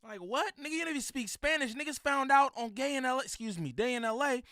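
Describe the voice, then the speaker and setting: A man hosting a casual reaction commentary, ranting in a profane, animated way between laughs. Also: very high-pitched, quick pace, no room sound, studio quality. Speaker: show host reacting to clips.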